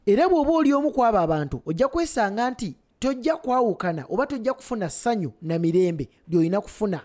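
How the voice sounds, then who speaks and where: A man interprets a sermon at a fast clip. His pitch swings widely, and his voice has a dark, mellow tone. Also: sing-song.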